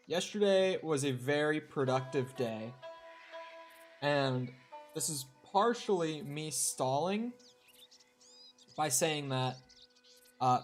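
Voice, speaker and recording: A young man streaming a video game, chatting casually with his viewers and swearing now and then while he plays. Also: mid-range voice. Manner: chatty, swears, talks to chat while playing. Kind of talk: casual live-stream chat over gameplay.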